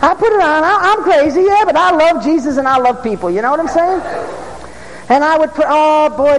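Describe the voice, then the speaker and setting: Brief: excitable New street preacher, man, high voice, shouts and amens, echoing hall. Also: a little fast, slight background noise. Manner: excitable, bursts into shouts, asks the crowd for amens. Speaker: preacher, former police officer. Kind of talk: storytelling sermon.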